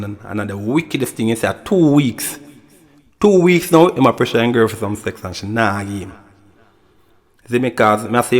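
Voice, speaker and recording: A man with a Jamaican accent tells a loose, wandering story in the studio, leaning again and again on the same little tag phrases. His voice sits at an ordinary middle pitch, and the recording carries a long, hanging reverb behind every word. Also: normal speed. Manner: rambling, repeats "you know" and "you see me". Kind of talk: casual anecdote telling.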